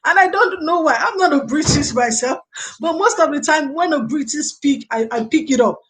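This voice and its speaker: An early childhood lecturer and live show host talks casually to her stream, wandering through replies to viewer comments and repeating "okay" and "you know." Her voice is high-pitched, expressive and a bit bright, at a moderate pace.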